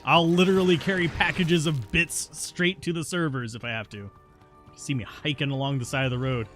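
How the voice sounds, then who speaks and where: A man's voice: a little high, brisk, a bit bright, faint music behind. A man streaming a video game live, chatting casually and answering viewers' questions between plays, stubborn and self-mocking. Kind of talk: casual live gameplay commentary.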